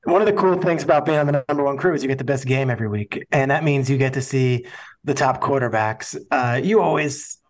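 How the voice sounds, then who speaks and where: A man's voice: mid-range voice, fairly quick. A man hosting a casual podcast interview, telling stories and throwing in joking asides. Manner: storytelling, jokey asides. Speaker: podcast host.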